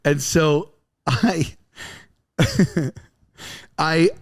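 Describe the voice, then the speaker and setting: A man telling a long comic story on a podcast, rambling and animated, often stumbling over his words. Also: a little high, very slow, no echo, studio quality. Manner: rambling, animated, self-interrupting.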